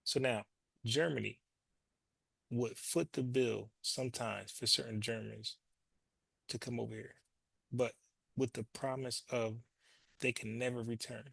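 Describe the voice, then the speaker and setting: A man's voice: medium pitch, fairly even intonation, unhurried, creaky, pauses often, fairly bright tone, husky, dry recording. A man hosting his own show, talking loosely and profanely and doubling back on his words as he explains. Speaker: show host. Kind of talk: casual commentary monologue.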